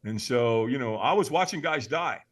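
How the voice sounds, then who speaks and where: A middle-aged man telling stories as a podcast guest, animated and emphatic. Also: mid-range voice, normal speed. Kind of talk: storytelling in an interview.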